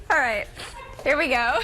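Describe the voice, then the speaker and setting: Giggling high-voiced woman anchor. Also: background noise. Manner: giggling, struggling to keep composure. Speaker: news anchor. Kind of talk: live news broadcast.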